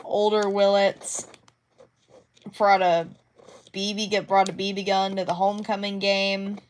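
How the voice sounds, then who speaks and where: Young woman, casual crafting vlog, unhurried and rambling. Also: mid-range voice, level tone, a little hiss or hum. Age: young adult. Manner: rambling, many fillers and restarts. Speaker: crafting vlogger. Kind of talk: casual chat to camera.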